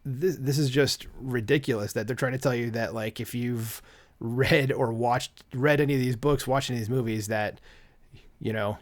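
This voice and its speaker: A mid-pitched man talking straight into a desk microphone at home. He rambles through his commentary with plenty of fillers, and sarcasm and exasperation color his talk. It sounds like a casual one-man opinion video. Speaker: channel host.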